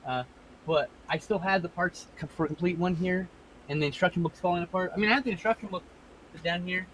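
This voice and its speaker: A man hosting a podcast in casual chat, swearing freely and talking quickly about his hobbies. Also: sits high, fairly bright tone, slight background noise, low-quality recording. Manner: fast, swears a lot. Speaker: podcast host. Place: home room.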